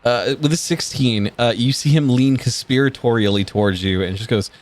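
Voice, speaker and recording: A man running a tabletop game as game master. He narrates casually and fills his pauses with plenty of "uh"s. His voice sits at an ordinary pitch. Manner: casual, filler-heavy narration.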